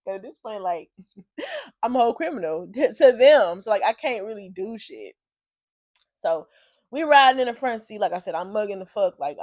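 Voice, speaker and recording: A woman vlogger telling a story casually, with animated, profanity-heavy, exasperated delivery. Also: mid-range voice, no room sound.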